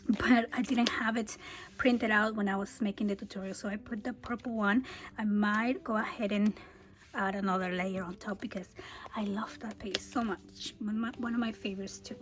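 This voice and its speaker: A woman with a voice she is losing, often slipping into a breathy whisper, chatting casually through a craft album walkthrough with many ums and uhs. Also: mid-range voice, rough recording. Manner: chatty, easygoing, frequent um and uh. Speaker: scrapbooking crafter.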